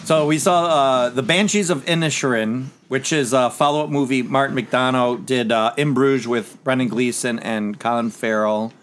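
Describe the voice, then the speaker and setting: A man's voice: medium pitch, normal speed, few pauses, soft background music. A man hosting a casual movie podcast, rambling and retelling scenes in quoted lines. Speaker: podcast host.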